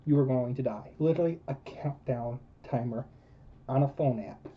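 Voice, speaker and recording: A man's voice: medium pitch, normal speed, a little hiss or hum. A man ranting in a film review vlog, emphatic and repetitive, losing his voice. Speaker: movie reviewer. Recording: dull lo-fi recording.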